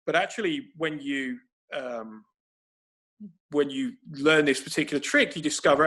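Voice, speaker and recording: A man's voice: mid-range voice, normal speed, a bit bright. A man explaining breathing techniques for grappling over a video call, thinking aloud with frequent restarts. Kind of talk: explanatory conversation.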